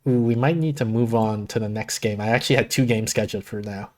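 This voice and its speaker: A man's voice: lowish voice, fairly even intonation, quick pace, a little mellow. A man hosting a live stream in casual chat, thinking aloud with many false starts. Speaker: streamer host.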